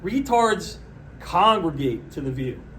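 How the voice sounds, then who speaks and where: Male host, slightly higher register, deadpan sarcastic monologue, faint hiss behind. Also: slow. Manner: sarcastic, mocking, deadpan pitching. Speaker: podcast host. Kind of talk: solo comedic political rant.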